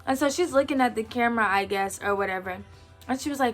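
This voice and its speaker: A woman's voice: a little high, very fast, faint music behind. A woman in her twenties telling a personal story in a casual, slangy way, acting out what people said. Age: 20s. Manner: chatty, slangy, acts out quotes. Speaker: vlogger.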